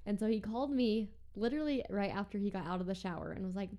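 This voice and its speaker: A woman's voice: medium pitch, fast, dark tone. A woman co-hosting a podcast in casual chat, telling stories and acting out what people said. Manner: chatty storyteller, acts out quotes. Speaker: podcast co-host.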